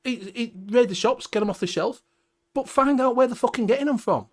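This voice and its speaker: Welsh man, high voice, blunt, sweary, emphatic, casual stream host. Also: fairly quick. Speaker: show host. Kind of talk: casual livestream chat.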